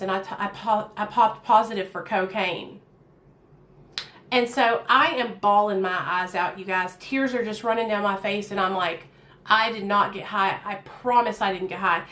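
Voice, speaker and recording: A woman's voice: mid-range voice, fairly bright tone. Candid, chatty woman in an echoey room. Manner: candid and profane, chatty fillers. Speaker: vlogger. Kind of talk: casual storytime.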